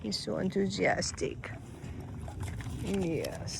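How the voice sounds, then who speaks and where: A woman filming a casual farm vlog outdoors, gently cooing praise at her horses as she feeds them. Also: lowish voice, slow, gravelly. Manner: soft, cooing talk to the horses. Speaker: farm vlogger. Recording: windy outdoor noise.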